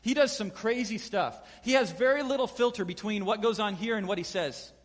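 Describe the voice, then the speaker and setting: Animated high-voiced preacher in a hall. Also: male voice, a little fast. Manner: animated storyteller acting out quotes. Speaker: pastor. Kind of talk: sermon.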